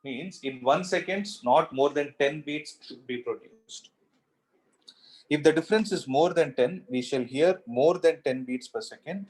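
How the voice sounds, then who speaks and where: A man's voice: a little high, measured pace, darkish tone, husky, low-quality recording. A man teaching a physics class, explaining step by step and asking himself questions as he goes. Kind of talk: classroom lecture.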